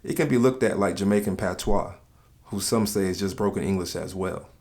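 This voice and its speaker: A man narrating in a calm, measured, scripted way, explaining things to the listener. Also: sits low.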